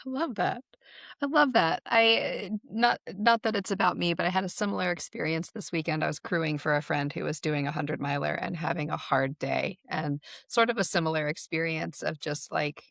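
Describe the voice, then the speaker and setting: A woman hosting a podcast, asking thoughtful, measured interview questions. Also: sits low, gravelly, a bit bright, no room sound, clean studio sound. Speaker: podcast host.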